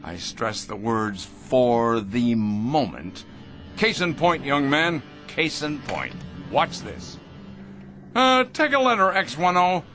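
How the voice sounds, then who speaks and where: A man's voice: fairly high pitch, big pitch swings, takes it slowly, pushed and bright, soft background music, full character voice. A middle-aged man playing a cold, pompous factory owner who is obsessed with efficiency and speaks condescendingly. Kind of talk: 1960s radio drama acting.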